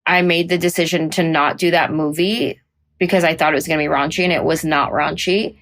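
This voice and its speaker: A woman comedian talking through an interview with a fairly low voice. She tells stories in an animated way and keeps slipping into playful put-on voices. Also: fairly quick. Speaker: comedian guest. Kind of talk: conversational interview.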